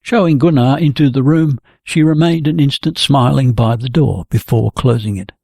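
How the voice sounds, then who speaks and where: Gravelly, husky male audiobook narrator. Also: mid-range voice, normal speed, a little mellow, no echo, studio quality. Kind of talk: audiobook reading.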